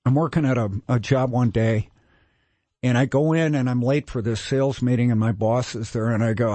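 A man in his sixties from Minnesota, telling his recovery story in a candid, self-mocking, animated way. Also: mid-range voice, normal speed, no room sound. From Minnesota, USA. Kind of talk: casual storytelling.

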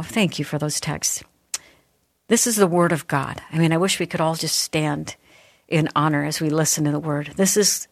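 A woman's voice: deep voice, a bit bright, no room sound, studio quality. A middle-aged woman hosting a faith talk radio show, speaking in an earnest, heartfelt way that is a little teary. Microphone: studio microphone.

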